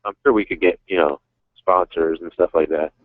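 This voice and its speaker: A man's voice: deep voice, normal speed, dry recording. A man joining a casual sports podcast, easygoing and repeating his words as he talks. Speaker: podcast co-host. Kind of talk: casual chat. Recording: tinny phone line.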